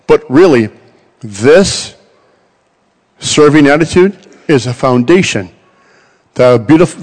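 A middle-aged man preaching a sermon, animated and storytelling, acting out quoted voices. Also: on the high side. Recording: long hall reverb.

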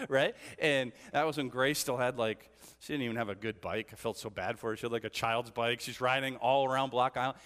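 A man's voice: mid-range voice, moderate pace, fairly bright tone. A man preaching a sermon as a pastor, telling stories in a conversational way and often asking his listeners "right?". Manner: conversational storytelling with frequent "right?" asides. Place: church hall. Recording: long church hall reverb.

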